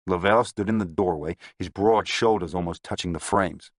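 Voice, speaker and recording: Deep husky guy narrating an audiobook, dry close sound. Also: normal speed, dry recording. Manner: steady, descriptive first-person reading.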